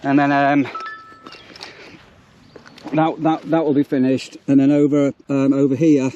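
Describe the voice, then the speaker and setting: Chatty campsite warden. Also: male voice, medium pitch, level tone, measured pace, mellow, dull audio, slight background noise. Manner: chatty, rambling, lots of ums and restarts. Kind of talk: casual vlog narration. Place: outdoors at a campsite.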